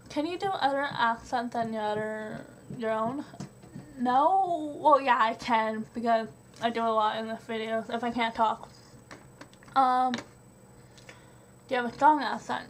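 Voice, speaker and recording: A young woman reads out tag questions and answers them in a slow, unhurried way, stopping often for ums and small giggles. Her voice sits a touch high. Faint hiss hangs behind the home recording. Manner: hesitant, many ums, giggly. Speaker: vlogger.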